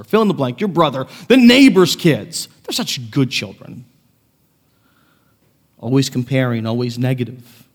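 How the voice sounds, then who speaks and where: A man preaching a sermon as pastor, earnest, moving between quiet reflection and raised, impassioned passages. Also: medium pitch, animated, moderate pace, long reverb tail. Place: church sanctuary.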